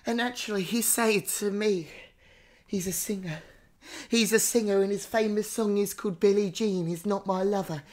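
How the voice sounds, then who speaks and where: A woman hosting a comedy podcast, playing a psychic with theatrical calls and hushed whispers. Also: medium pitch, steady tone, normal speed. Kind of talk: improvised comedy psychic reading.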